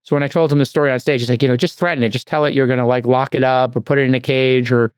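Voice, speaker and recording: Fast-talking podcast host, a man. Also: medium pitch, clean tone, no room sound. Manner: rambling storyteller, animated. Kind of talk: casual chat.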